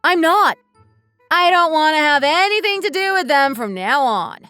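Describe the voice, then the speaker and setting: A woman's voice: fairly high pitch, big pitch swings, normal speed, a bit bright, no echo. Brief: woman as fed-up wife, accusing tone, light music behind, dry close sound. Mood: cold. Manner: bitter, accusing, blunt. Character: resentful wife fed up with her husband. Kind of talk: scripted dialogue drama.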